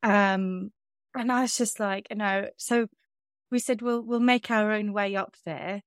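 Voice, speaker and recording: A woman's voice: medium pitch, fairly even intonation, unhurried, smooth, no echo, clean studio sound. A woman, telling a personal story on a podcast in a candid, self-mocking way. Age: 30s. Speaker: podcast host. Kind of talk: casual chat.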